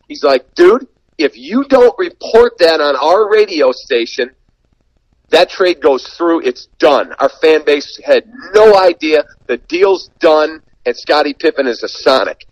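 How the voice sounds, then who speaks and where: His voice is fairly high and his pace a little slow, and the rough recording has no echo. The speaker, a sports broadcaster for radio and television, recounts an anecdote on a casual podcast. He's an animated storyteller who plays out the quoted voices.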